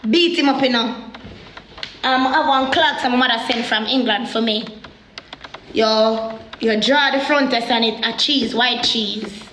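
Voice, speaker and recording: A young Jamaican woman telling a personal story in an animated, heated way. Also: fairly high pitch, measured pace, reverberant, a little hiss or hum.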